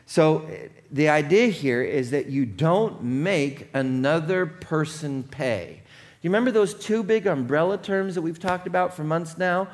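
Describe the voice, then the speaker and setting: A man's voice: a little high, expressive, measured pace. A man preaching a sermon as pastor, conversational and often checking in with his congregation.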